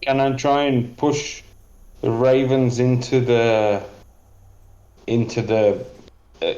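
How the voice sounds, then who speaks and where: A man playing a tabletop game, asking slow, deliberate questions. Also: medium pitch, fairly even intonation, mellow, echoey room, lo-fi sound. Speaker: player.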